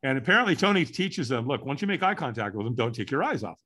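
A man in his sixties shares a personal story as a podcast guest, talking fast with breathiness in his voice. When he voices other people's words, he acts them out with lively, dramatic pitch shifts.

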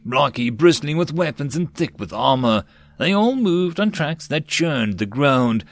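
A man narrating a web novel as an audiobook, in a steady storytelling read. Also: medium pitch.

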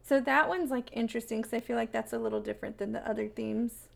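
Podcast co-host, female, gravelly and rambling, casual chat. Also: fairly high pitch, fast. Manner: rambling, many fillers and restarts.

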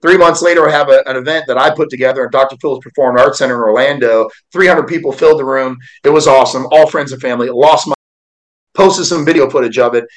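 A man's voice: medium pitch, quick pace, low-quality recording. A man in his forties, a podcast guest, telling an emotional personal story with an earnest, heartfelt delivery. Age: 40s.

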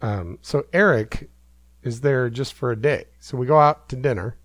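A man's voice: medium pitch, moderate pace, dry recording. A man hosting a podcast, telling a story in a rambling, self-amused way with many fillers. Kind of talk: casual storytelling.

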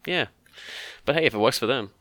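A man's voice: medium pitch, lively intonation, fairly quick, a bit bright, no room sound, clean studio sound. A man, co-hosting a casual chat and rambling through joking asides. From Australia. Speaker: podcast co-host.

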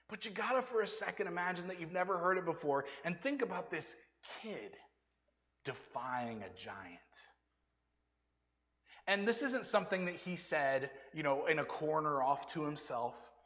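A male pastor preaching a sermon, animated, then dropping to hushed asides and whispers. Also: on the high side. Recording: long reverb of a church hall.

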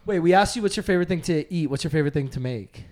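A young man hosting a casual podcast chat, telling stories in a quick, chatty way. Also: a little high, expressive, a little mellow. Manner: fast, chatty storyteller. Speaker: podcast host.

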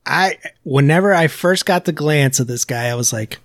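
A man's voice: a little high, moderate pace, no room sound, studio quality. A man co-hosting a podcast, telling rambling, joking anecdotes. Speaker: podcast co-host. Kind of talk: casual chat.

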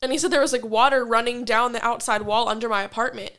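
A young woman swears freely and tells her story with animated energy in a relaxed chat. Her voice sits a bit higher than most. She laughs easily as she talks. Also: fast. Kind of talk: casual chat.

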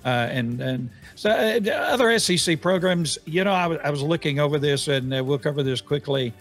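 Guy hosting a sports chat, kinda high voice, lots of uh and you know, faint music under it. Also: lively intonation. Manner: halting, many fillers and restarts. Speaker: sports show host. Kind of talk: casual sports talk.

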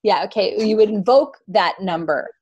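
A woman hosting a spiritual podcast, softly agreeing and repeating a mantra after her guest. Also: mid-range voice, moderate pace, dull audio. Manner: soft, agreeable, follows along. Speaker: podcast host. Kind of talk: casual conversation and call-and-response mantra.

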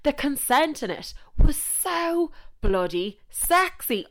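A young Irish woman hosting a podcast in casual chat, animated and chatty, swearing freely and getting carried away. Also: high voice, a little slow, hardly any pauses. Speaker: podcast host.

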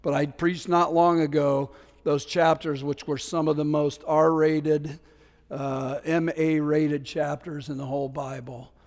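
A man preaching in a fairly high voice, animated and conversational, playing out the voices in the scripture and drifting into casual asides. His words ring out with a long reverb, like a large sanctuary. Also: measured pace. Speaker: pastor. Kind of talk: sermon.

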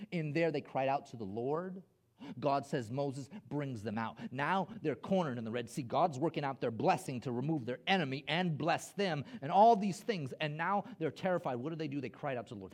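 Animated preacher man, lively pitch. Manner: impassioned preaching with emphatic slowed phrases and stammered restarts. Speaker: pastor. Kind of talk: sermon.

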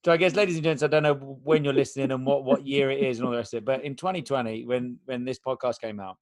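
Male podcast host, relaxed and joking, close dry recording. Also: medium pitch, quick pace, no echo. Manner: relaxed, jokey, laughs easily. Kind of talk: casual interview chat.

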